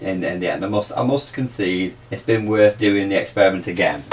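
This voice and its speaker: A man's voice: fairly low pitch, slight background noise. A British man talking through a home science experiment, chatty and thinking aloud as he reads off measurements, and swearing freely. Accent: British English.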